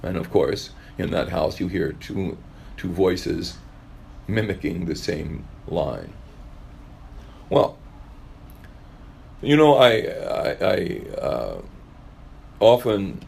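A man's voice: low-pitched, vocal fry, darkish tone, breathy edge. A man preaching a sermon in a conversational way, now and then acting out the voices of the people he quotes. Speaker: pastor.

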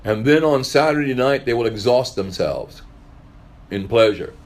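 A man's voice: mid-range voice, expressive, moderate pace. A man preaching a sermon in a conversational way, now and then acting out the voices of the people he quotes. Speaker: pastor.

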